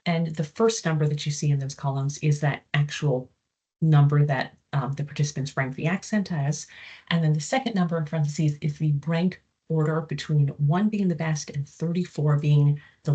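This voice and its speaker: Husky low-voiced woman lecturing. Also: steady tone, dark tone. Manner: measured, explanatory, with frequent "um" fillers. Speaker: psychology professor giving a research talk. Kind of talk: academic presentation.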